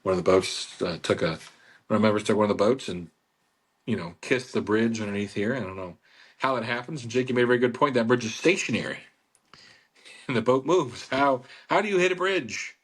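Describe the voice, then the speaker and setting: A man talking casually on a radio show, pitching his boat club in a chatty, salesy way and repeating the phone number. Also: a little fast, fairly bright tone, slightly rough. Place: radio studio.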